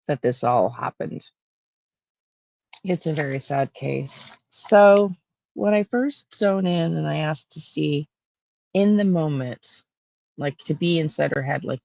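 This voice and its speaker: A woman talking straight to camera as a true crime intuitive, rambling and halting with lots of fillers and restarts. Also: low voice, gravelly, darkish tone, dry recording, lo-fi sound. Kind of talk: casual monologue on camera.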